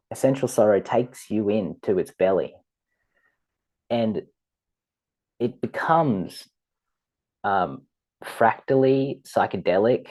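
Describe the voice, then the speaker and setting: A man talks through a spiritual teaching in a relaxed, rambling way. His voice sits low and mellow. He breaks into little acted-out voices and laughs along the way. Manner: rambling, animated, acts out quoted voices, laughs often. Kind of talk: casual teaching talk.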